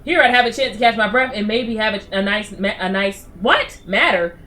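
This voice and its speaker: A woman's voice: mid-range voice, normal speed, sharp tone, close to an everyday voice. A woman voicing a weary, sweet but pushy old woman visitor who keeps calling people dearie. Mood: coaxing. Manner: calls everyone dearie, chatty and coaxing.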